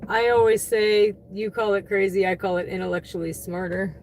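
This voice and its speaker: A woman's voice: mid-range voice, steady tone, moderate pace. A woman delivery driver chatting to her livestream from inside her car, rambling and earnest. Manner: rambling, earnest, talks to chat between orders. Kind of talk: casual livestream chat while driving. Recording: loud road noise in a moving car.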